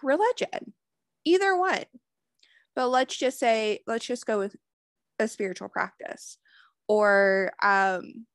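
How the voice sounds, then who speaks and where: A woman's voice: mid-range voice, dry recording, studio quality. A woman giving a casual spiritual talk, swearing freely and leaning on "like" as she speaks. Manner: casual, profane, many "like" fillers.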